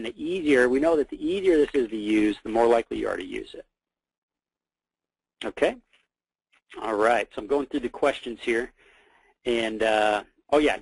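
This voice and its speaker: A man hosting a webinar, talking casually through a software demo, repeating words and calling his listeners guys. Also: medium pitch, breathy edge, no echo, rough recording. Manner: casual, repeats himself, many fillers, addresses listeners as guys. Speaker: webinar host.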